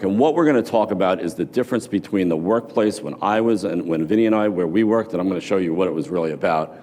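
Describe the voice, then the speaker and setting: Man from New York, deep voice, casual profane storytelling, motivational speech, long hall reverb. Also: darkish tone. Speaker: keynote speaker, former floor trader.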